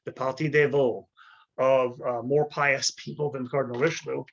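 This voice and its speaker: Halting man lecturing on history. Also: mid-range voice, level tone, a bit bright, lo-fi sound. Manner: halting, many fillers and restarts, frequent throat clearing.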